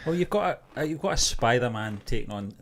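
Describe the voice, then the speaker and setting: A man's voice: mid-range voice, animated, quick pace, fairly bright tone. A man co-hosting a casual movie podcast, reading news with hesitant fillers. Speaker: co-host.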